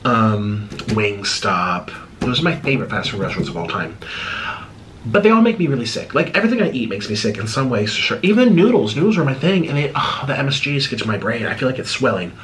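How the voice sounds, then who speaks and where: A man hosting an eating vlog at home, chatting casually while he eats, swinging between bubbly high exclamations and low mumbled asides. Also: big pitch swings, brisk, fairly bright tone, slight background noise. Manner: chews and talks while eating. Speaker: mukbang host.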